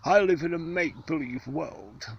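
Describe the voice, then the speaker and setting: A man putting on an impression of a grand, aloof old English stage actor, slow and plummy. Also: fairly high pitch, creaky, husky, voice pushed up, low-quality recording. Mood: lofty. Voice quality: slow, plummy, stagy delivery.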